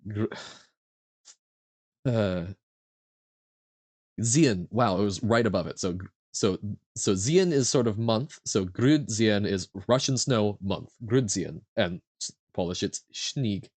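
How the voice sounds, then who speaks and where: A man streaming a live quiz, thinking aloud and haltingly sounding out foreign words as he guesses. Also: fairly low pitch, darkish tone, no room sound.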